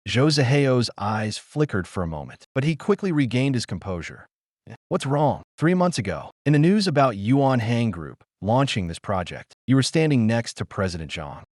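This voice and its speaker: Man narrating a drama story, deep and dry. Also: no echo. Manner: reads every character in one steady voice.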